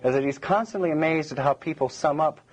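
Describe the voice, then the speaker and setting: A man's voice: on the high side, fast talker, rough recording. A man giving a public lecture to a live audience, rambling and digressive with many restarts.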